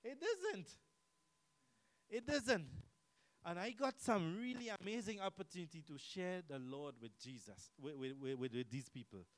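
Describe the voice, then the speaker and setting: A man's voice: on the high side, a little fast, few pauses, dry recording, poor audio. Emphatic preacher man, dry sound. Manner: emphatic, repetitive, rhetorical questions, swings between loud and quiet. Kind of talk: sermon.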